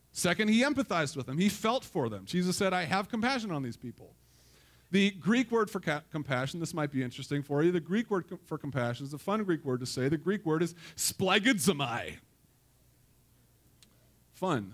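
A male pastor with a fairly high voice gives a conversational, joking sermon to a church congregation, telling stories and putting questions to his listeners.

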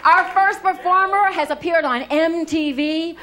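A woman hosting a comedy club, telling quick jokes in a brassy manner before introducing the next comic. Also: very high voice, a bit bright. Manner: brassy, quick joke-telling then big build-up introduction. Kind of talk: stand-up emcee patter. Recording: comedy club, crowd laughter and noise.

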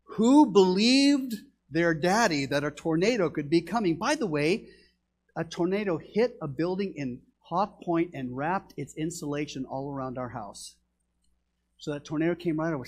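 A middle-aged man preaching a sermon as pastor, telling stories with bursts of shouted excitement. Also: fairly high pitch, moderate pace, breathy edge. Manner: animated storytelling, shouting when excited.

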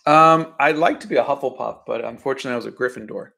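A man's voice: mid-range voice, fast, gravelly, sharp tone. A man hosting a live painting stream, casually answering viewer questions with art advice. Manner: easygoing, gives drawing advice. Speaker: artist host.

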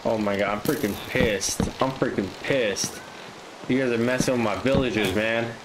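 A man casually commenting on his own gameplay, chatty and easily excited. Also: medium pitch, normal speed, heavy background noise. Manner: excitable, flares up into frustrated outbursts. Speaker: gaming vlogger.

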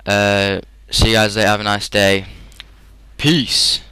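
A man's voice: fairly low pitch, completely flat delivery, moderate pace, pushed and bright, slight background noise, low-quality recording. A young man in his teens with a British English accent, chatting rambly and casually as a gaming commentator, full of fillers. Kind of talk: casual storytelling over gameplay.

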